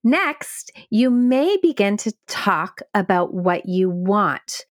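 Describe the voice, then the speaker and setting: A woman podcast host calmly explaining a self-help technique step by step, playing with stress on certain words. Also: medium pitch, slow pace, dry recording, studio quality. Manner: calm, guiding, plays with stress on words. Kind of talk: instructional explanation.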